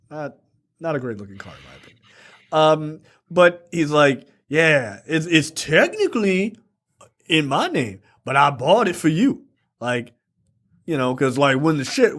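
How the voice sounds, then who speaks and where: A man co-hosting a casual film review podcast, recapping the plot in a rambling, profane way. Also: mid-range voice. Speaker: podcast co-host.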